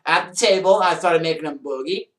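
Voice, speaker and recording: Brief: male magician host, high voice, loose and rambling, recorded in an echoey little room. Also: a little fast. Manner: chatty, rambling, with many fillers and playful asides. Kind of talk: casual how-to talk on magic. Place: small room with a counter and shelves.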